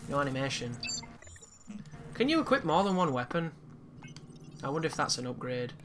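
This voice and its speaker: With loud game music in the background, a male gaming commentator talks through his play at normal speed. His voice is on the high side with big pitch swings, and he reacts live, occasionally swearing, in casual commentary.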